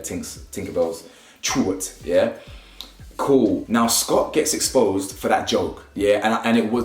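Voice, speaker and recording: A man giving casual, opinionated commentary on a reality show, animated and mocking, often asking "yeah?". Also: lowish voice. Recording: echoey room.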